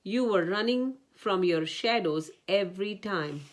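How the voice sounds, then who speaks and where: A woman's voice: mid-range voice, lively intonation, measured pace, close to an everyday voice. A woman voicing a sensible, matter-of-fact badger in a children's storybook reading.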